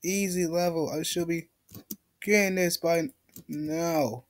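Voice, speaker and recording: A man's voice: fairly high pitch, steady tone, slow, a little hiss or hum. A young man giving let's play commentary, ranting in frustration and pleading with the game. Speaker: gamer.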